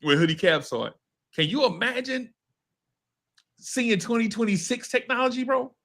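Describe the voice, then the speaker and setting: A man's voice: very high voice, normal speed. A man hosting a podcast, telling a story in casual, slangy chat and acting out what people said. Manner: animated, slangy, swears, acts out quotes. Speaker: podcast host.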